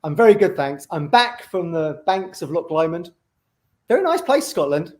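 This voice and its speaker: A man's voice: fairly high pitch, moderate pace. A man joining a fan podcast as a contributor, chatting casually in a jokey way with easy laughs. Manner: jokey, animated, laughs easily. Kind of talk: casual chat.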